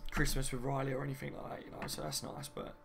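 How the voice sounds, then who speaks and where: Chatty man with a gravelly edge. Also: mid-range voice, little pitch movement, fast talker, fairly bright tone, a little hiss or hum. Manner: chatty, laughs often, reads viewer comments. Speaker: fan channel host. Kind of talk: casual live-stream chat. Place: home.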